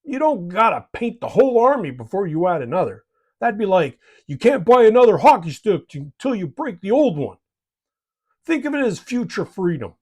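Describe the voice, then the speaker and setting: A man's voice: sits high, sing-song, normal speed, darkish tone. A man hosts a miniature painting channel, giving scripted hobby advice in a jokey, folksy way. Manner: jokey and folksy, tags lines with "eh".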